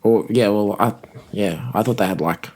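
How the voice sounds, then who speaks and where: An easygoing man co-hosting a casual chat podcast, who hedges his views and laughs often. His voice sits a little on the low side. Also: normal speed, darkish tone, breathy edge. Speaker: podcast co-host.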